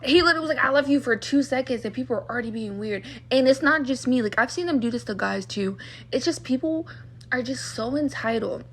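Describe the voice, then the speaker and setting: A young woman tells stories to her vlog camera in a loose, rambling rant. Her voice sits a little high, and she sounds exasperated and fed up. She fills her talk with "like" and acts out the lines of the people she is complaining about. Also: fast, husky. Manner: exasperated, lots of "like", acts out what others said. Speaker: vlogger. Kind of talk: casual storytime rant.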